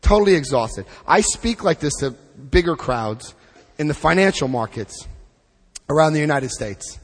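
A middle-aged man leading a recovery group through a book study, speaking with emphatic, drawn-out stresses and asking the room questions. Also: fairly high pitch, lively intonation, breathy edge, big-room sound. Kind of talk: impassioned recovery talk to a group.

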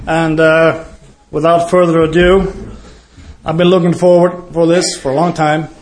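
A man's voice: fairly high pitch, little pitch movement, unhurried, a little hiss or hum. A man hosting a meeting and telling a joke, often chuckling as he goes. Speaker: meeting host.

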